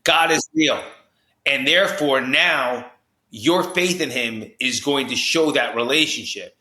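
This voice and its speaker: A man from New Jersey, a podcast guest, telling his story with high energy, lots of restarts and "you know"s. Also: measured pace, pushed and bright. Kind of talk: animated storytelling in conversation. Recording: roomy echo.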